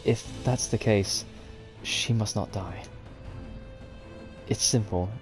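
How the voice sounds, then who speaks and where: A man reading a visual novel's text aloud at a measured pace while playing through it. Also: fairly low pitch, over music. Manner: slow, measured reading of game text with occasional sworn reactions. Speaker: gaming video host.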